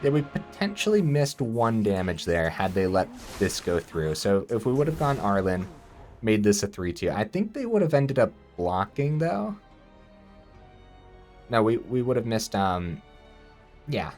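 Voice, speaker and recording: Male gameplay commentator with a low voice and a bouncy, animated delivery, chatty and prone to sudden excited shouts, with soft music underneath. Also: a little slow. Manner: chatty, thinks aloud, excitable outbursts.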